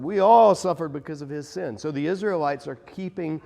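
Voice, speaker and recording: A man teaching a Bible study in a conversational, animated way, stressing points with emphasis and joking at his own expense. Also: on the high side, fairly quick, creaky, few pauses, in a large hall. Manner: animated and emphatic, with self-deprecating asides.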